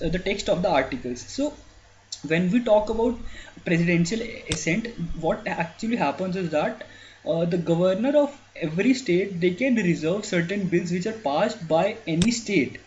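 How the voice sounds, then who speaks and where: A man's voice: sits high, darkish tone. A man lecturing exam candidates on a newspaper editorial, explaining step by step with many fillers and restarts. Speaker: exam coaching teacher. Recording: dull lo-fi sound with faint noise.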